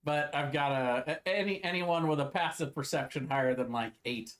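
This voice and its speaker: A man's voice: fairly high pitch, brisk, fairly bright tone. A man playing a tabletop game, joking and laughing. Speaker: player. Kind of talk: casual tabletop play.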